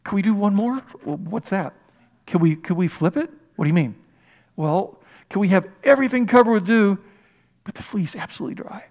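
A man's voice: sits high, lively intonation, fairly quick, a little mellow. A man voicing a frightened, hesitant biblical man who nervously pleads for reassurance while retelling a story in a sermon.

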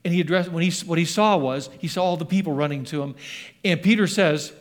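A middle-aged man, a pastor, preaching a sermon in an animated way, acting out scripture voices. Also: on the high side, fast talker. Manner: animated, acts out scripture voices, sings along.

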